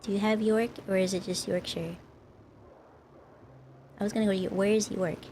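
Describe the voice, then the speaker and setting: A woman's voice: mid-range voice, fairly even intonation, moderate pace, a little mellow, slight background noise. A woman streamer in casual live-stream chat, rambling and talking to her viewers. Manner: rambling, chatty, talks to chat.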